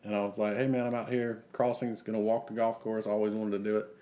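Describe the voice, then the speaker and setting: A man's voice: fairly low pitch, little pitch movement, fast talker, dark tone. A man co-hosting a podcast, telling rambling anecdotes and acting out the quotes. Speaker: podcast co-host. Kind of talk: casual storytelling chat.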